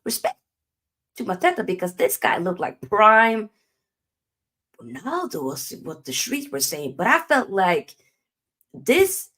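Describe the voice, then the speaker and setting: A woman's voice: mid-range voice, big pitch swings, unhurried, long pauses, a bit bright. A young woman hosting a live football match reaction, ranting emphatically and answering her own rhetorical questions. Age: young adult. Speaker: football channel host.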